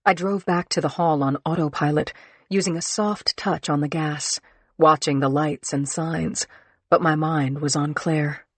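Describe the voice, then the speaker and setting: A woman with a lowish voice reads first-person audiobook narration in a measured, earnest way. The sound is close and dry. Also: fairly even intonation, no echo.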